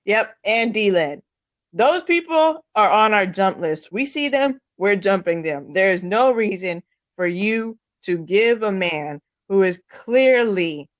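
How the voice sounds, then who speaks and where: A woman's voice: mid-range voice, dry recording. A woman co-hosting a casual sports talk show, blunt, heated and profane. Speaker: podcast co-host.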